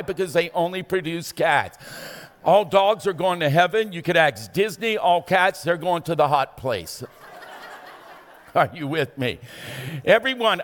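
A man preaching a sermon as pastor, building to shouted emphasis and asking the congregation to respond. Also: high voice, long reverb tail.

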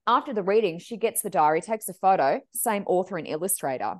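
A woman guest on a spiritual podcast tells her stories about readings with real energy. She slips into the voices of the people she quotes. Her voice sits at an ordinary middle pitch. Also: a little fast. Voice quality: expressive, acts out quoted voices. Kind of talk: animated storytelling chat.

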